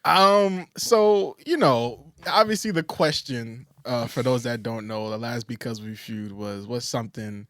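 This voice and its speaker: A man's voice: medium pitch, a little slow, few pauses, fairly bright tone, no echo, studio quality. A man co-hosting a podcast in casual chat, rambling with many fillers and restarts and breaking into laughter. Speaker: podcast co-host.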